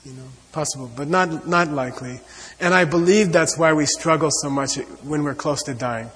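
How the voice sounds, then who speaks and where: A man's voice: fairly high pitch, normal speed, fairly bright tone, long reverb tail. A man giving an earnest spiritual talk to an audience, repeating his points and often saying "you know.". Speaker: Buddhist teacher.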